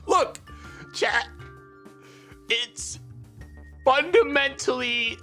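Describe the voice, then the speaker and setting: A man talks to his livestream viewers in a high, sharp voice, ranting hard and swearing freely. His complaints build into heated tirades while soft music plays faintly behind him. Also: expressive, moderate pace. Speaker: streamer. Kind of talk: casual livestream chat.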